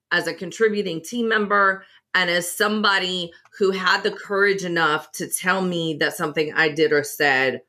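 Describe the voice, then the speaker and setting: A podcast co-host with a lowish, pushed, bright voice talks emphatically in a casual conversation. She tells stories with plenty of animation.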